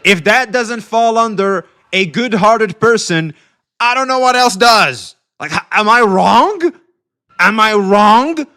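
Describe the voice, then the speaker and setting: A young adult man streaming live, talking casually to his chat, swearing freely, swinging between excitement and quiet emotion. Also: high-pitched, slow pace, smooth. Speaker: livestreamer.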